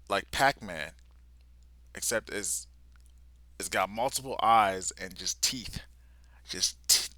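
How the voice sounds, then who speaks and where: A man talks through a comic he is reacting to live, his voice bright and forward. He takes his time, with a slightly low pitch, and sometimes dips to a near-whisper. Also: no room sound. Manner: casual slangy talk that drops to near-whispers. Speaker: vlogger reacting live to a manga.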